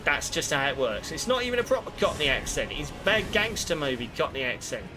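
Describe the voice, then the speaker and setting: A man's voice: fairly high pitch, very animated, a little fast. A man streaming a video game, chatting and rambling in a self-mocking way with frequent swearing. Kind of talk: casual gaming commentary. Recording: game music clearly behind.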